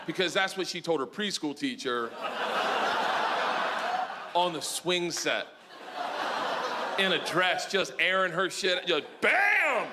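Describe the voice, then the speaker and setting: Male stand-up comic, high and wildly swinging voice, noisy club. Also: slow pace, pauses often. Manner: loud, animated, laughing through his lines. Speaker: stand-up comedian. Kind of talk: stand-up comedy. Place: comedy stage. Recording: noisy live comedy club.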